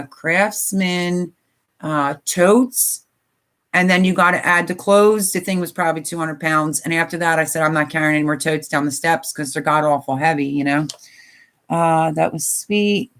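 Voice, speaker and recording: Weary low-voiced older woman rambling. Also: a bit bright. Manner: emotional, rambling, tearful at times. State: tired. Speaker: live streamer. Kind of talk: casual live-stream chat.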